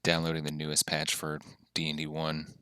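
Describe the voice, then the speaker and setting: Very deep-voiced joking player. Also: male voice, monotone, brisk, bright, forceful tone, clean tone, no echo, clean studio sound. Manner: joking and casual. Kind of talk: casual chat at the game table.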